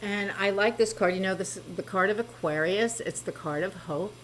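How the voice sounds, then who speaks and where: A woman giving a spoken tarot reading, gentle and reassuring, talking to the listener about cards and spiritual healing. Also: medium pitch, moderate pace, slight background noise, rough recording. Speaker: tarot reader.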